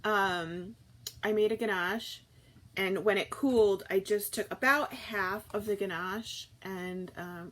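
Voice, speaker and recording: A woman's voice: medium pitch, takes it slowly, a bit bright. A woman in her thirties, chatting casually and rambling through a live morning stream, with lots of fillers and restarts. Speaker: food vlogger hosting a live morning chat.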